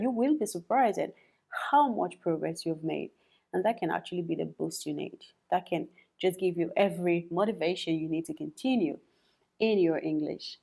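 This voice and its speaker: A woman's voice: fairly low pitch, gravelly, warm tone. A young adult woman teaching English in a chatty spoken lesson, repeating words for practice and laughing often.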